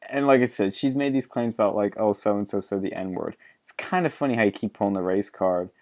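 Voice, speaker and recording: Brief: low-voiced man hosting a podcast, blunt, swears freely. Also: quick pace, darkish tone. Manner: blunt, profane, laughs often. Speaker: podcast host. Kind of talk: casual political chat.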